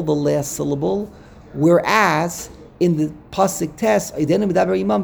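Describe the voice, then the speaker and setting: A man's voice: high voice, gravelly, a little mellow, slight background noise. A man teaching a Torah text lesson, explaining step by step, quoting Hebrew verses and checking in with "okay?". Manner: checks in with "okay?", repeats words while thinking.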